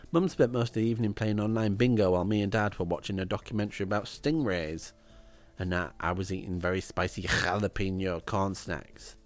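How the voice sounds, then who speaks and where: A man reading a comic diary aloud in a deadpan way, with crude asides. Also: on the low side.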